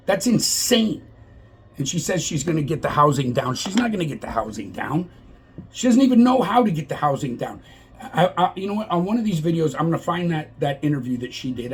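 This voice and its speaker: Middle-aged man, very husky, slightly higher-pitched, fired-up political vlog rant. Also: darkish tone, poor audio. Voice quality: impassioned, exasperated. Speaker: vlogger.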